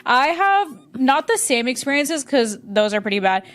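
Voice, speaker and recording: A young woman co-hosting a podcast in casual chat, telling lively stories and acting out customers. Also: high-pitched, normal speed. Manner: animated storytelling, acts out customers, frequent laughs. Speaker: podcast co-host. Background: restaurant cashier.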